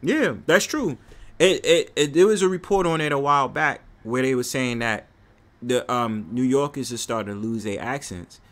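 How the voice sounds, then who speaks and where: A man from New York with a New York accent, hosting a casual panel chat on his stream, slangy and animated. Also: medium pitch, normal speed. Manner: animated, laughing, slangy storytelling. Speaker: stream host.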